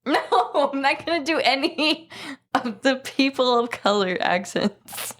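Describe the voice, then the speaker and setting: A woman co-hosting a casual podcast, laughing often and hesitant, quick to put herself down. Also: sits high, expressive, fairly bright tone. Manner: giggly, hesitant and self-deprecating. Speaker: podcast co-host. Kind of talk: casual chat.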